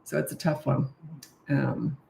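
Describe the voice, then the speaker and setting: A woman's voice: a bass voice, steady tone, unhurried, gravelly, warm tone, a little hiss or hum. A middle-aged woman parenting coach answering questions in a casual, blunt, matter-of-fact way, with chatty asides. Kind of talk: casual Q&A advice. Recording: roomy echo.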